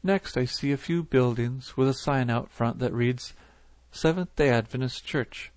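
Male narrator, mid-pitched, for a scripted religious vision reading with steady measured delivery and a dry sound. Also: no room sound.

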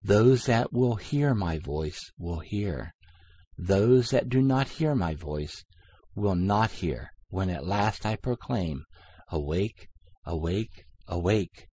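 A man reading the words of Jesus in a calm, gentle, measured way. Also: low-pitched, breathy edge, full character voice. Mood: calm, reassuring. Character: Jesus, calm gentle male divine speaker.

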